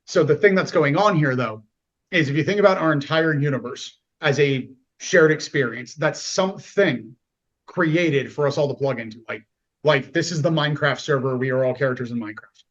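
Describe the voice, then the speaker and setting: A man in casual podcast talk, animated and fond of acting out quoted voices. His voice sits fairly high, and the recording sounds dull and lo-fi. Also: moderate pace. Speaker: podcast guest. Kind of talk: casual conversation.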